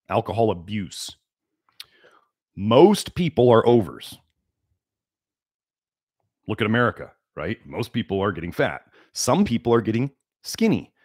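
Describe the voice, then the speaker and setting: A man's voice: fairly low pitch, a little mellow, slightly rough, no echo, clean studio sound. Emphatic man lecturing on a livestream. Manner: emphatic, repeats key words for stress. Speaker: livestream host.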